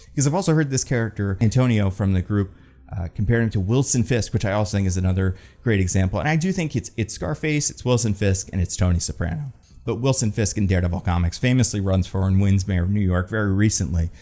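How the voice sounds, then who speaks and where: Man, casual review host, enthusiastic, rambling, lots of fillers, lowish voice. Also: animated, fast, mellow. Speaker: film and TV critic host.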